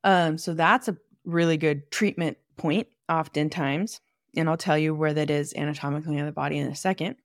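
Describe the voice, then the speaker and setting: A low-pitched woman hosts a podcast and walks through anatomy in a loose, conversational way, pausing to think aloud and tossing in asides. Her voice is close and completely dry, with no room sound around it. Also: fairly even intonation, dry recording. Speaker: podcast host and manual therapist. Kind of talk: casual educational monologue.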